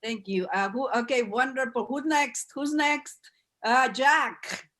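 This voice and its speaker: A woman moderating a Q&A over a video call, brisk and polite, calling up the next questioner. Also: sits high, a bit bright.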